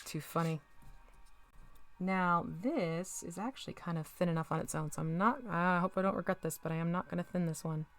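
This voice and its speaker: A woman's voice: lowish voice, brisk, fairly bright tone. Chatty woman streaming her painting. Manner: chatty, laughs often, talks to chat while working. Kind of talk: casual live-stream chat while painting.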